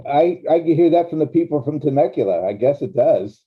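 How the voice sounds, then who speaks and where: A man's voice: a little high, lively intonation, a little fast, breathy edge. Man with tinny, phone-like call audio. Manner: rambling, jokey, self-interrupting. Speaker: host of a virtual wine tasting. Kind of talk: casual group video chat. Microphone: video call.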